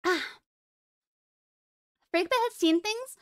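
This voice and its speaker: A young woman streams and chats with her viewers in a playful, teasing tone, breaking into giggles often. Her voice sits very high. The sound is dry and close, with no room around it. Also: takes it slowly, no echo. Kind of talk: casual stream chat.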